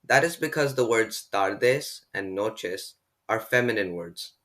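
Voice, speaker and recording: A man giving a beginner language lesson, explaining step by step and slowing down to model pronunciation. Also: fairly low pitch, animated, a bit bright. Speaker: language tutor.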